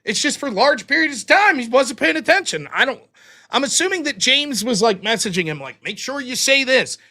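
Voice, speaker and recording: A man's voice: very high voice, sing-song, fairly quick, sharp tone. A man hosting a livestream, reading out donor names and amounts and answering them with dry quips. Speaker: streamer host reading donations. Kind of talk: casual livestream chat.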